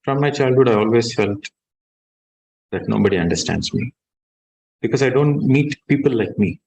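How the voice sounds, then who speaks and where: A man, a meditation teacher guiding a session and then giving a calm, measured spiritual talk that stresses key words. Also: medium pitch, creaky, poor audio.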